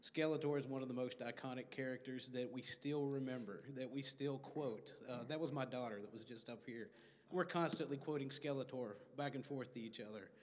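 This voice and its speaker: A man's voice: mid-range voice, a little fast. A middle-aged man in the audience earnestly thanking a voice actor he grew up watching. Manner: earnest and grateful. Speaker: fan asking at the panel. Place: convention panel room. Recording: echoey convention hall.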